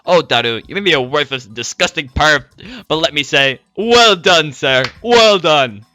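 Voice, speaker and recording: A man's voice: a little high, expressive, a little slow, pushed and bright, soft background music, pitched above the performer's own voice. A man doing a gloating mad scientist. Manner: theatrical, gloating, declamatory.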